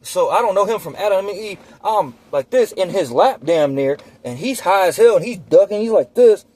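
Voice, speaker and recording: A young man telling a personal story casually, animated and slangy with plenty of swearing, acting out gunshots with mouth sounds. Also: sits high, normal speed. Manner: profane, slangy; winds down quiet and reflective at the end.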